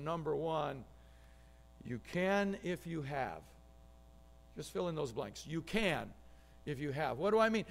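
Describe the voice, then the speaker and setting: A man with a notably high voice delivers a sermon from the pulpit. He reads scripture with strong emphasis and often doubles up his words as he preaches. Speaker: pastor.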